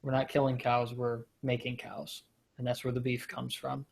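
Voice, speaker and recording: A man co-hosting a relaxed chat show, rambling from point to point with a joking edge. His voice sits at an ordinary pitch and often trails off at the ends of his lines. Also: normal speed, gravelly, a crowd in the background. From United States. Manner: rambling, jokey, trails off quietly. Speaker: podcast co-host. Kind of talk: casual chat.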